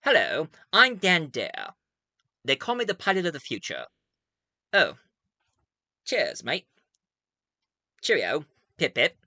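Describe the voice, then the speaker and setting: A man's voice: fairly high pitch, huge pitch swings, slow, pauses often, bright, forceful tone, no echo, exaggerated voice. A man voicing a heroic British male space pilot with a put-on British accent, clipped and stagey. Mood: jaunty.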